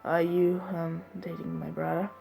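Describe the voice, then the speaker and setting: A woman reading a gentle older brother. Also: fairly low pitch, little pitch movement, a little slow, gravelly, soft background music, voice pushed down. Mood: hesitant. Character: kind young man, gentle older brother.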